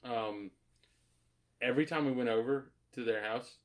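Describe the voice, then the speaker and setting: A man in casual podcast chat, animated and swearing, who laughs often and rambles with lots of "like". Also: medium pitch, moderate pace. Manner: animated, laughs often, swears, mimics others in quoted asides; rambling with many "like" fillers.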